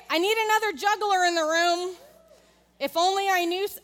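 A woman's voice: very high voice, moderate pace, in a large hall, background noise. A woman in her thirties giving a conversational sermon in a church, telling a candid family story and talking directly to the congregation. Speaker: church speaker. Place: church sanctuary.

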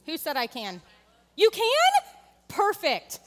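A woman's voice: sits high, very animated, slow pace, in a large hall, noisy background. A woman in her thirties giving a conversational sermon in a church, telling a candid family story and talking directly to the congregation. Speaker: church speaker. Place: church sanctuary.

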